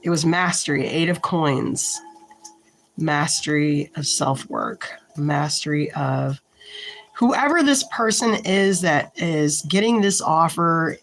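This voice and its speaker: A woman with a low voice reads tarot casually for the camera, frank and a touch irritated. She works slowly, halting and musing aloud as she shuffles and turns cards, on a low-quality recording with slight background noise.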